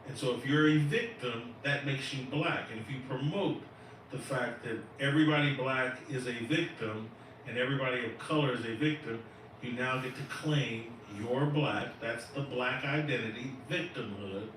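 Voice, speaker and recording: A middle-aged man as a guest in a commentary chat, speaking bluntly and with measured dismissiveness. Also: medium pitch, a bit bright, heavy reverb, far from the mic, a little hiss or hum, low-quality recording.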